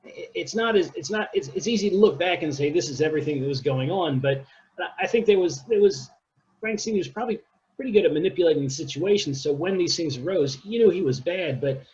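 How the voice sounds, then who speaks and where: A man hosting an interview, speaking haltingly and restarting his sentences as he thinks aloud. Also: on the high side, animated, a little mellow. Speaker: podcast host. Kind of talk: conversational interview. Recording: dull lo-fi sound with faint background hiss.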